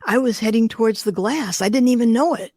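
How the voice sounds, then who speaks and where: With a fairly high pitch and a fairly quick pace, an older Detroit woman, a glass artist, relates vivid stories charged with emotion in an interview. Her telling is expressive, and no room sound comes through.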